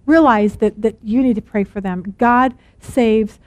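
Woman, Bible teacher, high voice, dry close sound, earnest, animated storytelling. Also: unhurried, dry recording.

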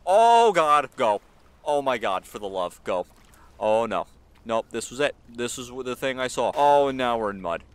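A gaming channel host with a mid-range voice at normal speed does relaxed let's-play commentary. Easily spooked, he addresses the screen, says "bro" and "y'all," and lets out frequent frightened yelps.

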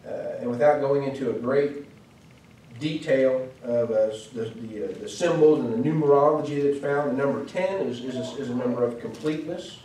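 A man's voice: on the high side, noisy background. A man preaching a sermon in a church, earnest and explanatory, with fillers and restarts. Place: church hall. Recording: echoey church hall, mic from far off.

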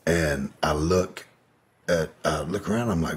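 Very deep, husky-voiced man. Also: lively intonation, unhurried. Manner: candid, profane, many fillers. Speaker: guest. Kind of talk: casual storytelling.

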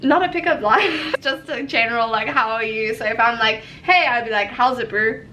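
A woman's voice: on the high side, brisk, noisy background. A young woman with a South African accent, chatting casually and laughing often as a vlogger. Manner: giggly, upbeat, laughs often. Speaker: vlogger host. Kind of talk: casual chat. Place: home room lit by a ring light.

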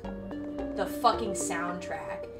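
A woman's voice: fairly low pitch, extremely slow, music in the background. A young woman live streaming, chatting casually with viewers and swearing freely while she sorts out her setup. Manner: loose and profane, talking to chat while fixing her setup. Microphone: streaming microphone.

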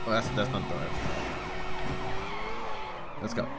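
A man streaming a video game, talking loudly and goofily as he plays, yelping and humming tunes. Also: lowish voice, fairly even intonation, moderate pace, long pauses, over music. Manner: loud, goofy, yelps and hums tunes. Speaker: gaming streamer. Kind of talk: excited let's-play commentary.

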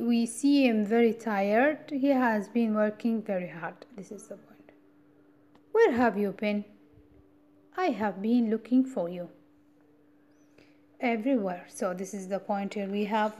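A woman's voice: fairly high pitch, mellow. Lecturing woman asking "what?" questions. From Iraq. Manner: explains step by step, asking rhetorical "what?" questions; repeats key points. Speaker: university English grammar lecturer. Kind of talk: recorded classroom lecture.

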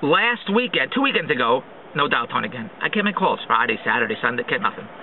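A man's voice: mid-range voice, sing-song, quick pace. A man vlogging a sarcastic, exasperated rant as he complains at length. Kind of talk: ranting monologue. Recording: tinny phone-like recording, faint noise.

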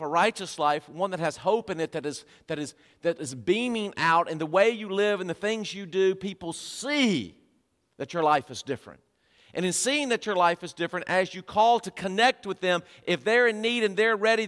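A man preaching a sermon as pastor of a church, swinging between loud emphatic lines and quiet low drops. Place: church sanctuary. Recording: long reverb of a church hall.

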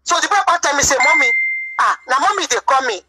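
A woman's voice: high-pitched, lively intonation, quick pace, heavy background noise. A Nigerian woman giving a rambling, defensive personal account of her marriage dispute, often repeating herself. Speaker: wife telling her side of a marriage dispute.

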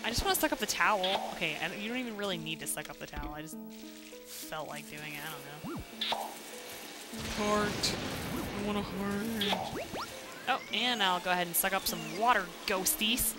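A woman casually commenting on a video game as she plays, chatty and excitable, breaking into sudden loud exclamations and silly rhymes, on a home mic without a pop filter. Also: mid-range voice, moderate pace, long pauses. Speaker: let's play host. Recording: game music behind voice. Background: game music.

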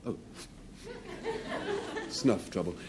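A man who is a game show team captain, starting a playful, drawn-out definition. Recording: noisy old broadcast.

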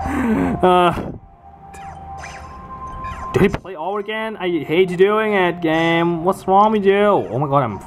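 A man giving casual commentary while he plays a video game, often exasperated, swearing and exclaiming at the game. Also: fairly high pitch. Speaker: let's play gamer.

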